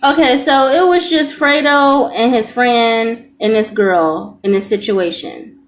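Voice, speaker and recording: A woman's voice: on the high side, slow pace, noisy background. A young woman reacting to a video in casual, earnest commentary, repeating her points for emphasis.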